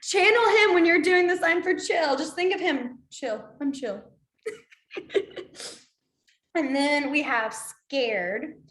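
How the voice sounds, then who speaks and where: A woman's voice: high-pitched, measured pace, a bit bright. A woman teaching a beginner sign language class, playful and acting out each emotion with her voice as she explains. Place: library meeting room. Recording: echoey room.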